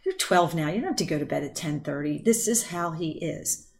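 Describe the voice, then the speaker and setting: A woman voicing a divorced mother who soothes her child while mocking the father in a soft, dismissive way. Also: deep voice, lively intonation, brisk, creaky. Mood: scornful.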